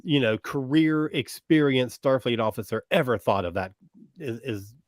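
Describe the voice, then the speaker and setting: A man co-hosting a casual fan podcast, talking in a wry, halting way with restarts. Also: mid-range voice, lively intonation, no echo, clean studio sound. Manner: hesitant, many restarts, wry. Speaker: podcast co-host. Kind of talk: casual chat.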